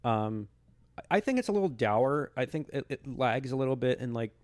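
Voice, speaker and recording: A podcast co-host, a man with a middle-pitched voice, caught dry and close on the mic. He talks about movies in an eager, rambling way and stumbles through restarts as his thoughts run ahead. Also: lively intonation, moderate pace, darkish tone, no room sound. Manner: enthusiastic, rambling with many restarts. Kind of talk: casual film chat.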